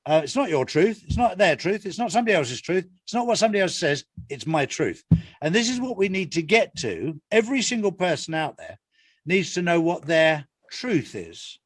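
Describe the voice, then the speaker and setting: A man's voice: sits high, very animated, normal speed, slightly rough, no room sound, studio quality. An older retired Englishman giving an interview in a casual, earnest way, repeating his points for emphasis. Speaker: interview guest, author.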